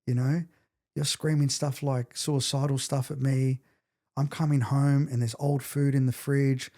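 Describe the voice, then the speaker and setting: Talking a little slowly in a mid-range voice, a middle-aged man shares an emotional story as a podcast guest. He retells it with intensity and animation, voicing the quotes dramatically.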